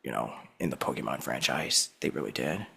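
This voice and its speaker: A man hosting a podcast interview in casual, animated conversation, laughing easily. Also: a bass voice, fairly quick, gravelly, husky. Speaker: podcast host.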